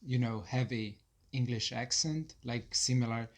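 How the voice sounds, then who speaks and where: A man's voice: mid-range voice, a little slow. Croatian-accented man reading questions. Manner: friendly, laughs easily, hesitant phrasing. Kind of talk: casual chat.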